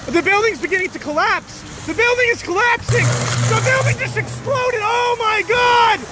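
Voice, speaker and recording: Man, live reporter, frantic, alarmed, very high pitch, background noise. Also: normal speed. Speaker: on-scene reporter.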